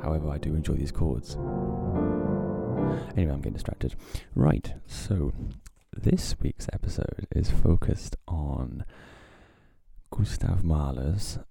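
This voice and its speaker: Very deep gravelly man. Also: measured pace, mellow, soft background music. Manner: rambling, self-deprecating, wry asides. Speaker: podcast host. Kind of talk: casual solo podcast talk. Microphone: home podcast mic, close.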